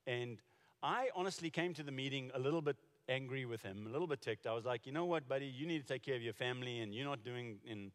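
A man's voice: mid-range voice, quick pace. A man in his forties or older, a pastor preaching a sermon and telling stories conversationally, with frequent restarts. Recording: reverberant hall.

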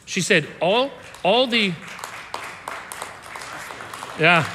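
A man's voice: high voice, lively intonation, extremely slow, long pauses, bright, forceful tone, big-room sound, a faint crowd, slight background noise. A man in his fifties, a pastor, telling a personal story in a conversational sermon, often restarting his sentences. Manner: conversational, self-interrupting with restarts.

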